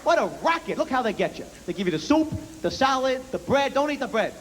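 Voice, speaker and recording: A man's voice: extremely high pitch, big pitch swings, fast talker, voice pushed up. A man voicing a paranoid older father with a New York accent, ranting in a whiny, exasperated way. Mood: griping. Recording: reverberant hall with faint hiss.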